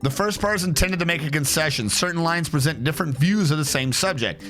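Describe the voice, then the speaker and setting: A man streams a strategy game, riffing sarcastically on what he reads out and swearing freely. His voice is bright and forceful and sits a little high. Faint game music plays under him. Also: fairly quick. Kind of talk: casual let's play commentary.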